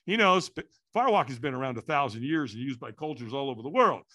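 A man telling a story in an animated way, acting out the quotes and sounds. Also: medium pitch, fast. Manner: lively, acts out quotes and sounds.

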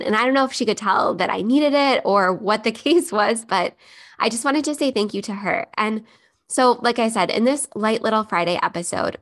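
A woman's voice: medium pitch, fairly bright tone. A woman in her thirties hosting a solo podcast, talking in a heartfelt, emotional way. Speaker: podcast host.

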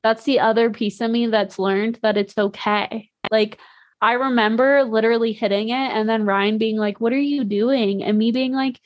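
A woman's voice: on the high side, fairly even intonation, normal speed, dry recording, highs cut off. A young woman hosting a podcast, talking candidly in a rambling way, with lots of "like" fillers and casual swearing. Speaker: podcast host. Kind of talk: casual monologue.

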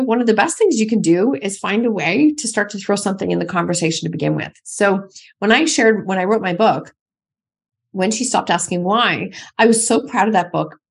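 A middle-aged woman, guesting on a podcast, speaks candidly in a gravelly, husky, mid-range voice. She tells her story emphatically, circling back to the same phrases again and again to drive her point home.

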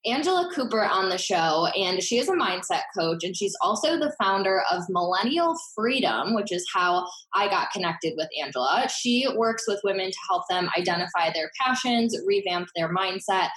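A woman's voice: mid-range voice, lively intonation, moderate pace, hardly any pauses, a bit bright. A woman hosting a podcast, enthusiastic and effusive as she introduces and questions her guest. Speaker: podcast host. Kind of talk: casual interview chat. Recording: roomy, echoey sound.

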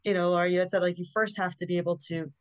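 A woman's voice: on the low side, little pitch movement, rapid-fire, dry recording. A middle-aged woman guest on a parenting podcast, explaining in an earnest, hands-on way. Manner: earnest, explanatory, often acts out what parents say to kids. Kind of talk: podcast interview.

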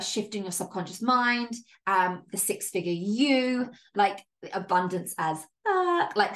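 Upbeat, swearing woman podcast coach. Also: mid-range voice. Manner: upbeat, emphatic, casual swearing; chatty with frequent "like" and laughs. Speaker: podcast host and business coach. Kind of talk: solo podcast monologue.

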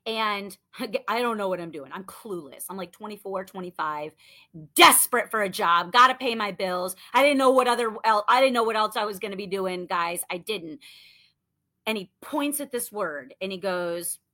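A woman in her thirties coaching listeners on sales, telling a story in an animated, chatty way full of "like". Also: medium pitch, moderate pace. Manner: animated, chatty, lots of "like" and acted-out quotes. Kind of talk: motivational storytelling talk.

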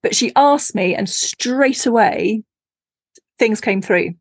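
A woman's voice: a little high, expressive, slow pace, breathy edge, no echo, clean studio sound. A woman, a podcast guest and author, telling stories in a casual chat and acting out her own reactions with laughs. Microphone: remote call.

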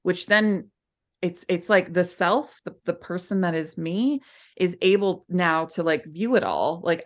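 A woman appears as a podcast guest and former client in a candid conversational interview, speaking in a heartfelt, rambling way with many restarts. Her voice sits low and sounds gravelly.

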